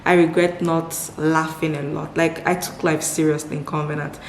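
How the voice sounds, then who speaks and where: A woman's voice: deep voice, flat delivery, normal speed, slight background noise. A woman from Nigeria in her twenties answering viewer questions in a casual chat, upbeat, often repeating words for emphasis. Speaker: vlogger. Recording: echoey room with faint ambience.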